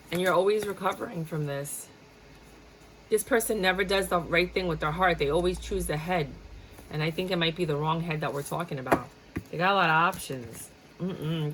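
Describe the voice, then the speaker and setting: A woman with a lower voice gives a casual tarot reading in a blunt, chatty way, swearing freely as she goes. A faint hiss of noise sits under the recording. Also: fairly bright tone, low-quality recording. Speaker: tarot reader.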